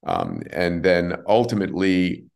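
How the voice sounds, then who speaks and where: Deep-voiced male podcast host. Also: wildly swooping pitch, measured pace, creaky, a little mellow. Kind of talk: conversational podcast.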